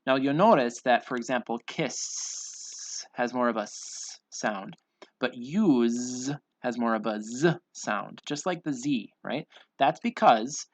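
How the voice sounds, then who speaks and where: A man's voice: medium pitch, creaky, no room sound. A man teaching English pronunciation in an online lesson, patiently repeating each word for students to drill.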